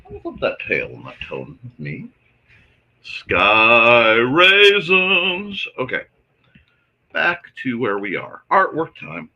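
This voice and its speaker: A man hosting a casual livestream, chatting to his audience and softly talking to his cat while he draws. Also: mid-range voice, huge pitch swings, normal speed, vocal fry, hardly any pauses, slightly rough, muffled recording. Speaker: host.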